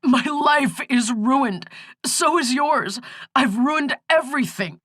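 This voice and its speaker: A woman's voice: medium pitch, animated, measured pace, a bit bright, no echo, voice pushed up. A woman narrator voicing a desperate young man in jail, quavering and close to tears, in an audiobook. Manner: quavering, panicked, pleading. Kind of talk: audiobook character voice.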